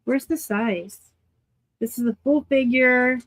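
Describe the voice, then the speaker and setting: A woman from Arizona hosting a casual live unboxing of thrift finds, chatty and quick to laugh at herself. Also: sits high, dry recording. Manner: chatty, laughs easily, self-deprecating asides. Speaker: reseller host.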